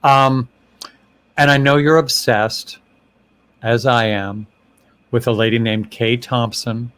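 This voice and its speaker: Slow-talking man hosting a video call. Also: medium pitch, steady tone, background noise. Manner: chatty, laughing, slow and drawn out. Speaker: host. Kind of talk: casual video-call chat.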